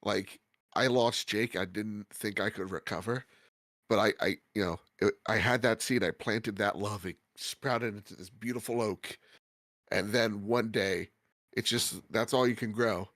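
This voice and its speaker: A man's voice: lowish voice, steady tone, unhurried, a bit bright, no room sound. A man co-hosting a podcast in casual chat, heartfelt and rambling with many restarts, his nose stuffy. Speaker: podcast co-host.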